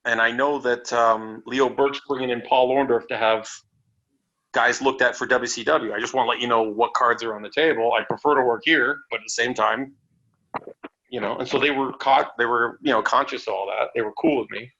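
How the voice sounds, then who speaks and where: A man from Canada, a wrestler guest on a podcast interview, telling stories in a casual, animated way, swearing freely and acting out what others said. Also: medium pitch, fairly quick. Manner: animated, swearing, acts out quotes. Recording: dull lo-fi audio with faint noise.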